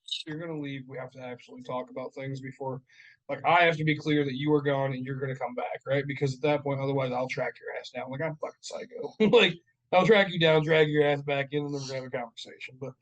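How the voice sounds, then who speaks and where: A fast-talking man in his thirties, medium-pitched and level in tone, co-hosts a casual podcast in a studio. He tells stories as a profane, heated rant, and the sound is lo-fi.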